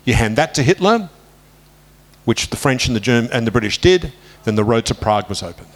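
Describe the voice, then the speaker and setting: An Australian man in his sixties talks through a long stretch of history as an interview guest. His voice sits at a middling pitch and is animated. He leaps up when he acts out other people's words. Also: a little fast. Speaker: author guest. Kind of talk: conversational interview, storytelling.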